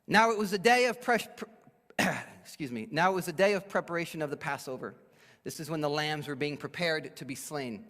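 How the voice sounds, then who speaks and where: Speaking fairly quickly in a somewhat high, slightly bright voice, this man preaches a sermon that works through a Bible passage. He briefly acts out the speakers it quotes, and the church sanctuary adds a long, hall-like reverb.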